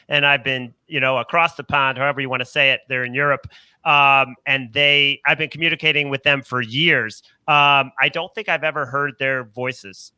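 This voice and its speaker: A man's voice: medium pitch, bright, forceful tone, smooth, no room sound. A man, a regular on a betting show, chatting casually and rambling as he interrupts himself. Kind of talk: casual chat.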